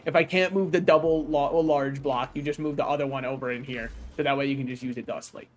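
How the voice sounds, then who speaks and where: A man streaming a video game, talking through puzzles in a loud, projecting voice with joking, self-mocking asides. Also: mid-range voice, steady tone, fast talker, a little hiss or hum. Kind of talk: casual gameplay livestream commentary.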